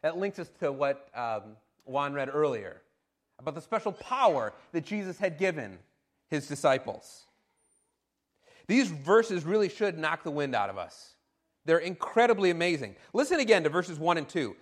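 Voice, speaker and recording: A man preaching a sermon in an animated, emphatic way, with occasional fillers. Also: a little high, moderate pace.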